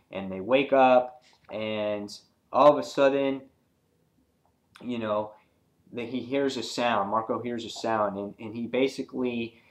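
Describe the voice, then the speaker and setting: Excitable rambling man reviewing comics. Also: mid-range voice. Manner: excitable, rambling, frequent fillers and restarts. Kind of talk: casual video review.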